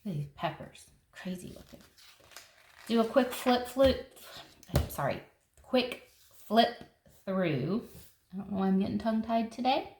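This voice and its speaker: Flipping through a seed catalog for her gardening vlog, a woman chats with enthusiasm and thinks out loud. She has a medium-pitched voice with lively intonation, speaks a little slowly, and pauses often. The recording has echo and faint noise.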